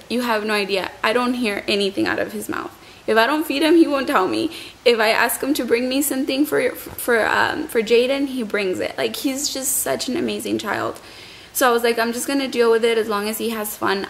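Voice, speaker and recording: A young woman telling a vlog story while still shaken up. Her voice sits a little high, and she rambles and stumbles over repeated words. A faint hiss runs under the recording. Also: a bit bright, poor audio. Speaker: vlogger.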